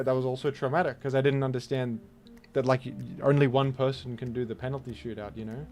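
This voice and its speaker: A man's voice: mid-range voice, fairly even intonation, fast. A man streaming a video game, chatting casually and telling rambling, self-mocking stories between moves. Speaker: gaming streamer. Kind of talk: casual commentary while playing. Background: faint background music.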